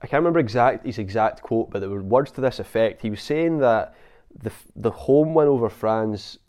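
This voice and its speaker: A Scottish man hosting a casual football podcast, talking with many halting restarts. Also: lowish voice, mellow. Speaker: podcast host.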